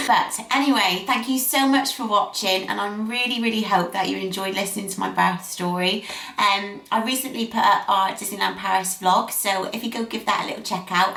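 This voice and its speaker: A woman's voice: medium pitch, vocal fry, bright, forceful tone. A young woman vlogger telling a personal story to camera, gushing and repeating words for emphasis. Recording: echoey room.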